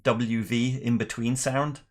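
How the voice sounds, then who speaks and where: A middle-aged man with an accent that blends Northern Ireland with England hosts a casual whisky livestream. His voice sits at an ordinary middle pitch, and he talks in an easy, chatty way with frequent laughs. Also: slow. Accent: mixed Northern Irish and English. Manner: relaxed, chatty, laughs often, reads viewer questions. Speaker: whisky channel host.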